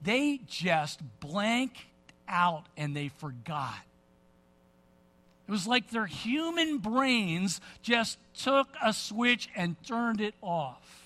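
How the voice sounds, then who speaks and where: A man preaching a sermon, retelling scripture in an animated storytelling way with casual asides. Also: high voice, drawn-out words. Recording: long reverb of a big hall.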